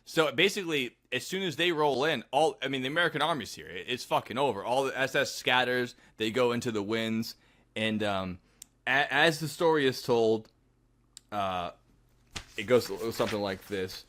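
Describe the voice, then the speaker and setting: Bright-voiced young man telling a story. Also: mid-range voice, normal speed. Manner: animated, profane storytelling with shouted put-on quotes. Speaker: podcast co-host. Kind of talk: casual storytelling chat.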